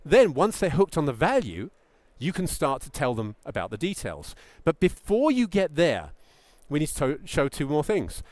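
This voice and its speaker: A middle-aged man giving a presentation to founders as a pitch coach, emphatic and lively, sometimes acting out what a founder might say. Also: moderate pace, few pauses, no room sound. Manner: animated, emphatic, acts out mock founder quotes.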